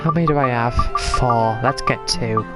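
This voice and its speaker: A man streaming a game, rambling chattily to a friend, his pitch leaping up now and then. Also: moderate pace. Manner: chatty, rambling, with sudden high jumps in pitch. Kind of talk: casual gameplay commentary. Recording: game music playing behind.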